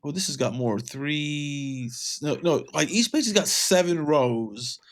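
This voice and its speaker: A man co-hosts a podcast in loose, rambling chat, full of restarts and the odd casual swear. His voice sits a little high. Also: expressive, measured pace. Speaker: podcast co-host.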